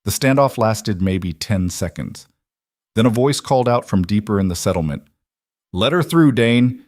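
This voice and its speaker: Low-voiced man narrating an audiobook. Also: no echo, clean studio sound. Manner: even, measured storytelling.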